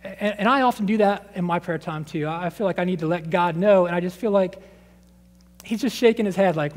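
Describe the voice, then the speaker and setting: Man, thirties, pastor, high voice, casual animated sermon, long church reverb. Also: brisk. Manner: conversational, animated, voices quotes from scripture and his kids. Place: church sanctuary.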